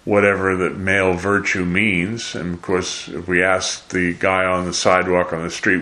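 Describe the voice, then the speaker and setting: A man's voice: low-pitched, level tone, moderate pace, few pauses, sharp tone. An older man giving a conversational sermon, rambling and acting out quoted voices. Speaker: preacher.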